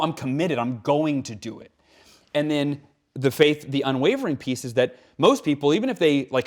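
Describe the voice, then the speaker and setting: A man in his forties, a guest author speaking in a casual interview, earnest and animated, acting out quotes as he tells stories. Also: on the high side.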